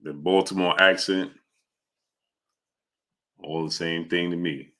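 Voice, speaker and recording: A deep-voiced man, hosting a live sports show. His tone is bright and forceful. He rambles casually and greets chat viewers one by one. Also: steady tone, slow pace, long pauses. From New York. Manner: rambling, greets chat viewers by name, many filler sounds.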